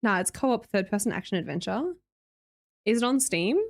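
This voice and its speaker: A woman's voice: medium pitch, expressive, normal speed, creaky. Bubbly Australian woman streamer. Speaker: live streamer. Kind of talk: casual chat reading out viewer messages.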